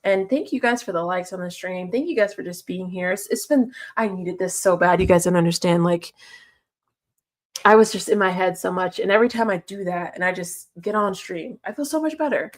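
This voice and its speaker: A woman's voice: lowish voice, brisk. A woman chatting casually on a livestream, answering her chat and laughing often.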